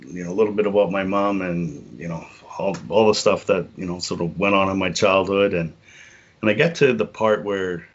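A middle-aged man with a low, husky voice recounts his past as a podcast guest. He talks in an earnest, halting way, doubling back on words and filling gaps with "you know". The audio sounds slightly muffled and lo-fi. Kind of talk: reflective personal storytelling.

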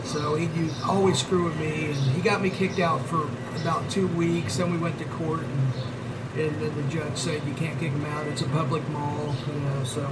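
A man's voice: a little high, little pitch movement, moderate pace, very noisy. A middle-aged man hosting a show, rambling through profane stories with laughs. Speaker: podcast host. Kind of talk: casual storytelling.

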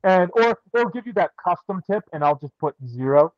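A young man with a notably high voice chats on a podcast, jokey and animated. The sound is dull and lo-fi, with a very dry, close quality. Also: normal speed, no room sound. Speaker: podcast co-host. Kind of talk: casual chat.

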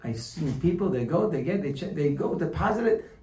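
A man giving an animated, emphatic sermon to a live group, telling a story and acting out its dialogue. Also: fairly high pitch, moderate pace, a little hiss or hum. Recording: roomy room from far off, faint ambience.

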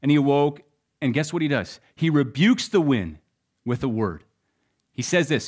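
A man's voice: medium pitch, normal speed. Pastor, young adult male, medium voice, storytelling sermon with dynamic delivery. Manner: storytelling, swings between loud and hushed.

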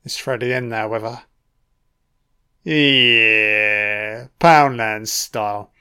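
Sweary film commentator. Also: male voice, medium pitch, normal speed, a bit bright, clean tone. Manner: profane, sardonic running reactions. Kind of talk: casual audio commentary.

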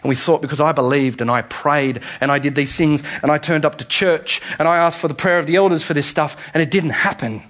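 A pastor delivering a sermon in a conversational way that builds to emphatic, repeated appeals. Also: male voice, fairly high pitch, brisk, hardly any pauses, a bit bright. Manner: conversational preaching, rising to emphatic repetition.

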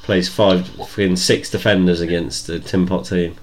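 A man's voice: deep voice, fairly even intonation, normal speed, a little hiss or hum. A young man co-hosting a casual podcast over a video call, blunt and sweary in his banter. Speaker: podcast co-host. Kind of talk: casual chat.

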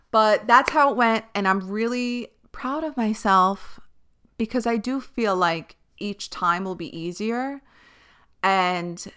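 A young woman hosting a podcast, chatting candidly about her day, swearing freely and getting animated as she retells it. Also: mid-range voice, clear, resonant tone. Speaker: podcast host. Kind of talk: casual chat.

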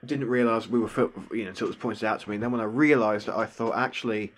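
A man's voice: fairly low pitch, fast. A man with an English accent, co-hosting a podcast in casual, rambling chat with a self-deprecating streak. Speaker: podcast co-host.

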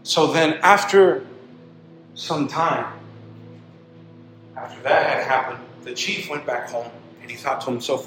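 A man preaching a sermon, telling a story dramatically and swinging from loud to hushed. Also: medium pitch, lively intonation, a little slow, pauses often, heavy reverb, background noise.

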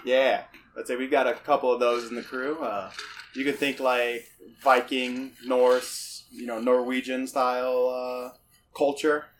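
Male game master on a podcast, middle voice, relaxed explainer, faint background hum. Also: mid-range voice, measured pace. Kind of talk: casual podcast chat.

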